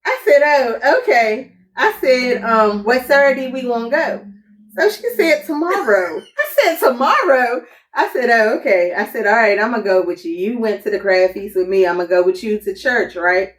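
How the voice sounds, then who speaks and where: A woman telling a personal story in a casual testimony chat, animated and acting out quotes. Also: mid-range voice, moderate pace, few pauses, recorded from a distance.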